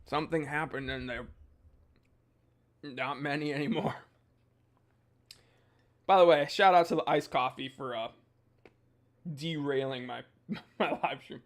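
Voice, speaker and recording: A man's voice: fairly high pitch, measured pace, long pauses. Hyper joking young man on a livestream. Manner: goofy, hyper, jokey with sudden loud outbursts. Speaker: watch channel host. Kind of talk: casual livestream chat reading viewer comments.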